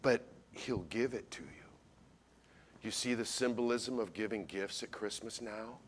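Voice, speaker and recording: A man preaching a Christmas sermon as pastor, folksy and animated, talking straight to his congregation and swinging from loud to hushed. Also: lowish voice, a little slow, slightly rough. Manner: folksy, addresses congregation directly.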